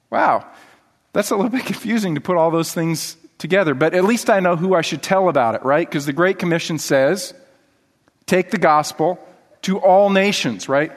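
A male pastor giving an animated sermon, reading scripture aloud and asking the congregation rhetorical questions. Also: fairly high pitch. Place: church hall. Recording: long reverb of a church hall.

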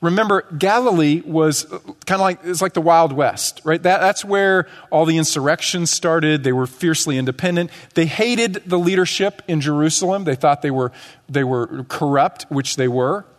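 A man preaches from the pulpit, his voice sitting a little high for a man. He teaches conversationally and slips into quick acted-out lines. The sound carries a long church-hall reverb. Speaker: pastor. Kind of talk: sermon. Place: church sanctuary.

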